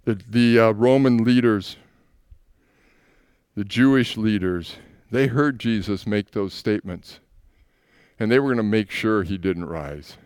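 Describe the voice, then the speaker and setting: A man's voice: on the low side, measured pace, long pauses, a little mellow, clean tone, no echo, studio quality. A man preaching a sermon as pastor, retelling scripture scenes as stories and acting out the voices in them.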